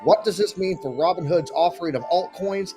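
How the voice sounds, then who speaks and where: A man's voice: high-pitched, brisk, dark tone, faint music behind. A man hosting a live market and crypto stream, talking casually with hyped-up greetings. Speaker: show host.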